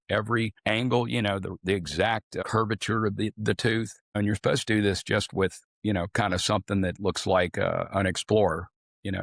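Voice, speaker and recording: A man's voice: lowish voice, a bit bright, dry recording, clean studio sound. An older man, a former swim coach telling rambling, folksy stories as a podcast guest. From Arkansas. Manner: folksy, rambling anecdotes with casual swearing. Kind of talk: storytelling in a podcast interview.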